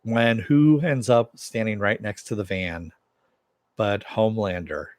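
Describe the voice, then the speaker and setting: Lowish and darkish in tone, this man's voice moves a little slowly as he casually recaps a TV episode. He tells it loosely, paraphrasing dialogue with "he goes" and saying "uh" often, in the manner of a TV show reviewer.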